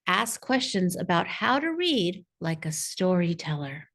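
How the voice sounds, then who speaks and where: A woman's voice: fairly low pitch, big pitch swings, measured pace, a bit bright. A woman narrating a parent workshop as a reading coach, in a patient, encouraging teacher tone. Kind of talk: scripted instructional narration.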